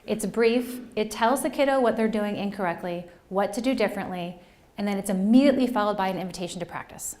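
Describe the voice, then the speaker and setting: A woman from New Jersey giving a lively, conversational workshop presentation to educators, often checking in with the audience. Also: medium pitch, fast. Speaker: conference presenter. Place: presentation room.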